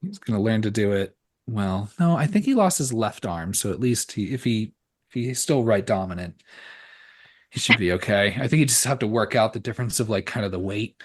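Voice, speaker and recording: A man's voice: fairly low pitch, animated, fairly quick, breathy edge. A man co-hosting a podcast, chatting casually about a horror movie in a rambling, profane way full of "like" and restarts. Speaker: podcast co-host. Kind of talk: casual movie commentary chat.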